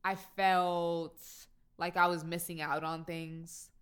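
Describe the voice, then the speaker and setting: A woman's voice: fairly low pitch, flat delivery, slow, fairly bright tone, clean tone. A woman talking casually and reflectively about her life as a mother. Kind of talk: casual chat.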